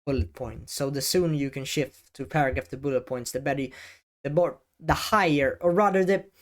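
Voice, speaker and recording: A man who makes educational videos, giving advice straight to the camera in a deliberate way, with pauses and stress on key words. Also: medium pitch. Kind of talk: talking-head advice vlog. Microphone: camera-facing setup.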